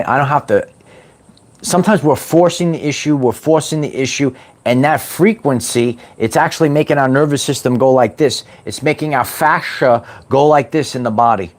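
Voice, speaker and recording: Talking to his chat at a moderate pace, a middle-aged man hosts a spiritual wellness livestream in a medium-pitched voice. His style is playful, repetitive and motivational, and he drawls words like "baby".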